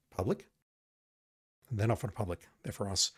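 A man's voice: mid-range voice, sing-song, fast, pauses often, husky. A man playing through an old adventure game, reading its text aloud with wry, self-deprecating asides. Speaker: let's play gamer.

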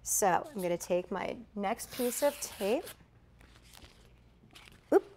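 A woman's voice: mid-range voice, lively intonation, slow pace, warm tone, slight background noise. A middle-aged woman giving a chatty step-by-step craft tutorial, correcting herself as she demonstrates. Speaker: craft instructor.

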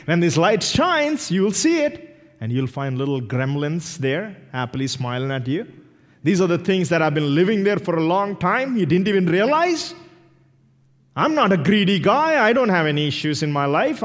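A male pastor preaching a sermon with animated delivery, acting out little quoted voices as he goes. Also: high-pitched. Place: church sanctuary. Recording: long hall reverb in a church.

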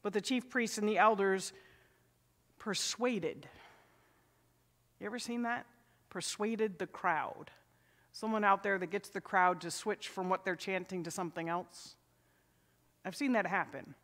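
A middle-aged male pastor preaches in a church sanctuary with a long reverb, his voice sitting high and a bit bright. He speaks conversationally at a measured pace, pausing often and posing questions to the congregation.

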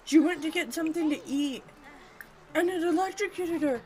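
A woman's voice: very high-pitched, normal speed, dark tone. A woman narrating her life-sim gameplay in an effusive, doting way with lots of exclamations. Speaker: gaming vlogger. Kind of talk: game commentary. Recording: music playing behind.

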